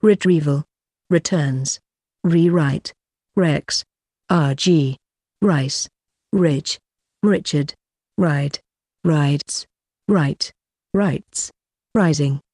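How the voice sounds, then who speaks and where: A woman reading an alphabetical vocabulary list aloud, one word at a time with pauses between. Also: low-pitched, dark tone, breathy edge, no echo, clean studio sound. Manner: reads single words one by one with pauses.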